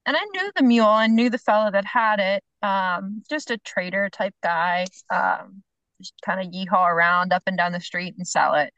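A middle-aged woman, a horse trainer on a podcast, telling a story in a lively way and acting out what people said. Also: mid-range voice, moderate pace, no room sound, dull audio. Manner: animated storyteller, acts out the other people's lines, laughs between phrases. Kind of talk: casual storytelling chat.

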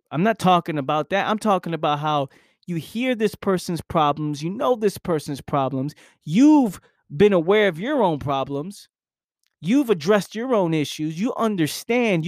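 A man's voice: on the high side, darkish tone, dry recording. Earnest man talking into a dry mic. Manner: earnest, emphatic, repeats phrases; swears casually, slangy. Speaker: podcast host. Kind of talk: motivational monologue.

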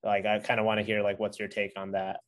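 A man's voice: fairly low pitch, completely flat delivery, fast, fairly bright tone. A man who runs an investing channel, talking in a loose, rambling way with many filler words during a casual chat with another creator. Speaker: investing YouTuber. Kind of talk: casual conversation between creators.

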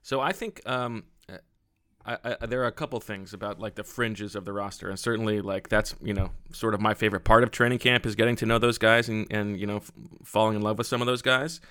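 Male podcast co-host, lowish crisp voice, joking, dry sound. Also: fairly even intonation, bright, forceful tone, no room sound. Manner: joking, quick asides. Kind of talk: casual sports podcast chat.

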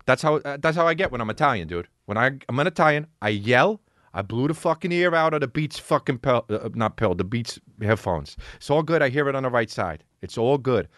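A man riffing profanely on a comedic rant, animated and joking. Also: mid-range voice, brisk, dry recording, studio quality.

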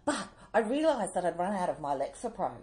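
A woman's voice: medium pitch, big pitch swings, brisk, a loud crowd. A woman, co-hosting a casual chat show and telling stories, often laughing as she talks. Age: 40s. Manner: chatty storyteller, laughs while telling stories. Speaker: podcast co-host.

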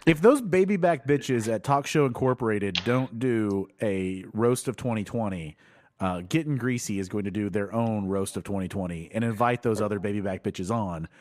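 A man's voice: lowish voice, moderate pace. A man from Tulsa hosting a podcast, chatting casually and swearing as he tells stories. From Tulsa, Oklahoma. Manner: animated, profane, laughing storyteller. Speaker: podcast host. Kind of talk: casual chat.

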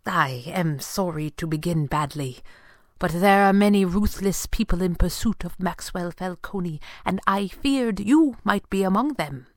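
A woman's voice: lowish voice, expressive, unhurried, no echo, studio quality, pitched above the performer's own voice. A woman voicing a pleading foreign male informant, begging and overwrought. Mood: wary.

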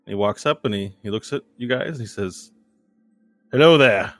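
A man narrating a tabletop game as game master, lively and descriptive. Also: lowish voice, a little fast.

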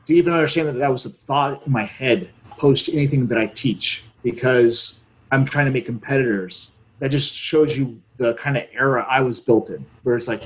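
An earnest man in his thirties talks through his coaching life in a loose, rambling podcast chat. He often slips into little acted-out exchanges with students. His voice sits at an ordinary middle pitch. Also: normal speed, low-quality recording. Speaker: jiu-jitsu coach and gym owner. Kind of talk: casual podcast conversation.

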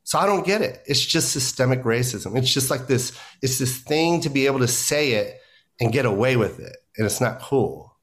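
Guy comedian on a podcast, mid pitch, gets animated and emphatic, keeps saying you know. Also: normal speed. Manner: animated and emphatic, pitch jumps up when making a point, many "you know"s. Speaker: guest comedian. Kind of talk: casual podcast conversation.

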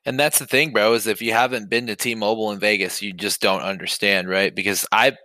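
A man co-hosting a podcast, telling hockey stories in a casual, profane, animated way and shouting when he acts out scenes. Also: fairly low pitch, fairly quick, dry recording. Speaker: podcast co-host. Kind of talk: casual storytelling chat.

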